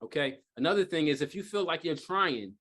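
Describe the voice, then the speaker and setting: With a slightly fast, bright voice on the high side and lively intonation, a man gives a live sales training talk to a group in a training room. He rambles casually, full of fillers and rhetorical "right?" checks.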